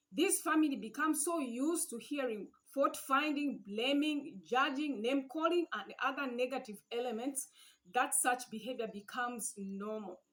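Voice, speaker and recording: A woman hosting a faith-based relationship channel, giving earnest advice in a casual way, repeating her points with "yes" and "you know" and often trailing off softly. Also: a little high.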